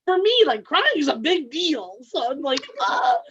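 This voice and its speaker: A woman with a high voice joins a group chat as a guest. The audio is dull and lo-fi. She speaks expressively and acts out reactions. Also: big pitch swings, normal speed, fairly bright tone, slight background noise. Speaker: podcast guest.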